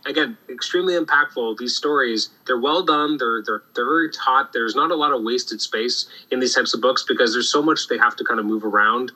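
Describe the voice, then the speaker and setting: Bright-voiced guy on a comics podcast, lively, talks over himself a bit. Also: mid-range voice, a little fast, few pauses, low-quality recording. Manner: animated, acts out quoted lines, many restarts. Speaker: podcast host. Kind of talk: casual comic book discussion.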